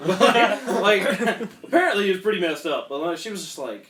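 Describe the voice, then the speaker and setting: Young dude swearing and laughing thru a story, bit high voice, echoey room. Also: male voice, expressive, normal speed, a bit bright. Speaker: podcast co-host telling a story. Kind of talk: casual podcast chat. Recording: echoey room, mic at a distance.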